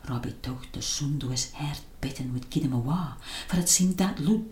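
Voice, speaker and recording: A woman with a Scots accent reading a children's story in dialect, in a hushed, tense way. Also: deep voice, moderate pace. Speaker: narrator. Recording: roomy echo.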